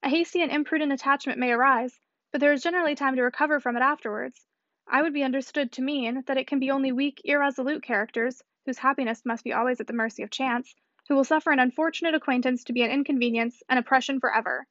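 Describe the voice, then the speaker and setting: A woman voicing a reserved, composed young woman speaking gravely, in a slightly muffled dry recording. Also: high-pitched, steady tone, fast talker, fairly bright tone, no echo.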